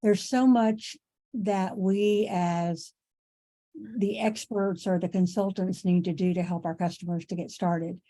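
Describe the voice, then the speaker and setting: Hoarse woman teaching a class. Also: fairly low pitch, fairly even intonation, unhurried, dark tone. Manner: conversational, repeats and restarts for emphasis. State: losing her voice, clearing throat. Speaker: instructor. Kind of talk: online class lecture.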